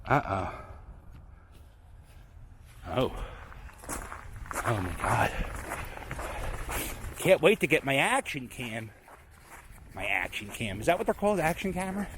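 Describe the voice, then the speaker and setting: A man talking on a walk through an abandoned snowy waterfront, his pitch swinging up and down as he chatters. He keeps up a loose, wandering commentary and keeps turning to talk to his dog. Outdoor noise runs clearly under the handheld camera audio. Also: very animated, slow pace, pauses often. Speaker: vlogger exploring abandoned sites. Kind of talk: casual walking commentary.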